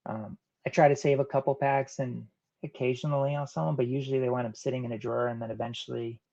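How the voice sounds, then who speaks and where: A man with a gravelly, creaky voice hosts a casual live-stream chat, reading viewers' comments aloud and answering each one in an easygoing, rambling way. His voice sits at an ordinary middle pitch, and the stream audio comes through dull and lo-fi. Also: fairly even intonation, quick pace, mellow. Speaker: live-stream host of a reselling channel.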